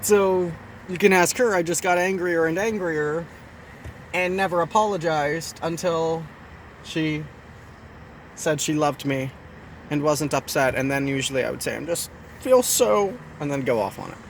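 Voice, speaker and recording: A man's voice: fairly high pitch, fairly even intonation, moderate pace, slight background noise. A man hosting a casual video talk with his partner. He is chatty and pokes fun at himself, and he explains his points by repeating phrases. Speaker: video host.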